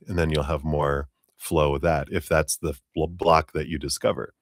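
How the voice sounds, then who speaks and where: A man's voice: extremely low pitch, level tone, moderate pace, no echo, studio quality. A middle-aged man giving a live-stream tarot reading, rambling and asking "right?" along the way. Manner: rambling, with tag questions and chuckles. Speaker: tarot reader.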